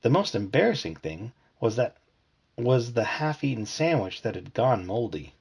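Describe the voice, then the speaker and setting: A man's voice: mid-range voice, moderate pace, creaky, slight background noise. A man reading a children's book aloud to his family, telling it expressively. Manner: expressive storytelling.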